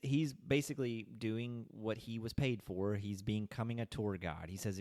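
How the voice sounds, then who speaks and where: A man's voice: fairly low pitch, a little slow, few pauses, a little mellow, no room sound, clean studio sound. A man co-hosting a podcast, leading a casual movie recap and putting questions to his co-hosts. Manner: leads the discussion, quizzing co-hosts by name. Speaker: podcast co-host.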